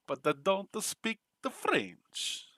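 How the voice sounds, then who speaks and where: A man's voice: mid-range voice, bright, forceful tone, dry recording. A man from the United States, streaming a game and chatting casually, joking, laughing often and answering chat aloud. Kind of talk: casual live-stream chat while gaming.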